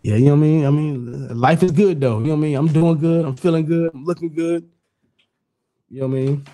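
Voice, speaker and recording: Middle-aged man, dark rambling chat. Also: a little high, fairly even intonation, a little fast. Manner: rambling, repeats "you know what I'm saying", blunt and profane. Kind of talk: casual podcast chat.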